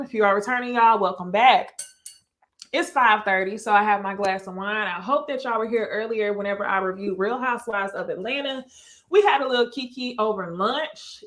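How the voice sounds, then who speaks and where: Hosting a laid-back live stream on her YouTube channel, this woman speaks with a fairly high, slightly bright voice and a light Texas accent. She's from Texas, talks with her viewers, and laughs a lot.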